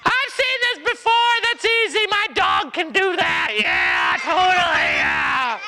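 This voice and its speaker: A man's voice: very high voice, huge pitch swings, slow, bright, forceful tone, slight background noise, pitched above the performer's own voice, exaggerated voice. A man doing a scoffing know-it-all kid. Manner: scoffing, show-offy.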